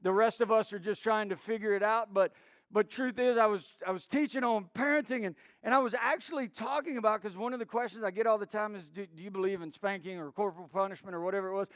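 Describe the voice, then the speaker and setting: Man preaching, high voice, dry close sound, middle-aged, storytelling with restarts. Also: fast, fairly bright tone, dry recording. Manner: storytelling with many restarts and acted quotes. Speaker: pastor. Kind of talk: sermon.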